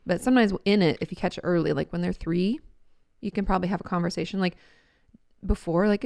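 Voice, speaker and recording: A woman therapist on a podcast, explaining calmly and reassuringly in casual chat. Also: lowish voice, quick pace, creaky, dry recording, studio quality. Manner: calm, explanatory, gently reassuring. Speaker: therapist guest.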